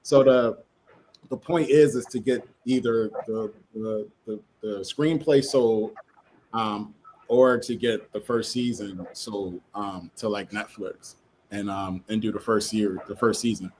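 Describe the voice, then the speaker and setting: A man's voice: lowish voice, steady tone, unhurried, darkish tone, slight background noise, poor audio. A man, a comic creator guest on a casual podcast, talking in loose slang and acting out quotes as he tells a story.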